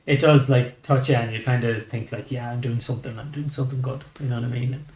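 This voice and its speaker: A man's voice: medium pitch, quick pace, echoey room. Swearing Irish man telling stories. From Ireland. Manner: animated, swears freely, rambling storytelling. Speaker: podcast guest, comedian. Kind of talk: casual chat.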